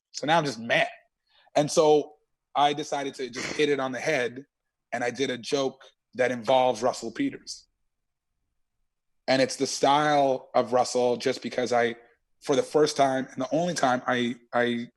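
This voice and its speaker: A man, a stand-up comedian, telling stories in an animated, slangy and profane way as an interview guest. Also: medium pitch. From Canada. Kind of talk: casual interview chat.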